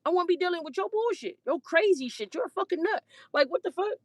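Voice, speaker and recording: A woman's voice: very high-pitched, animated, fast, no echo. A woman telling a story in a casual, profane rant, swearing heavily and laughing between heated lines.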